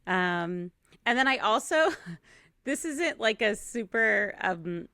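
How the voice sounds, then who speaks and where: A woman's voice: medium pitch, expressive, takes it slowly, sharp tone, no echo, studio quality. A woman co-hosting a casual review podcast, chatty, with lots of agreeing murmurs. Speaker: podcast co-host. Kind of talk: casual chat.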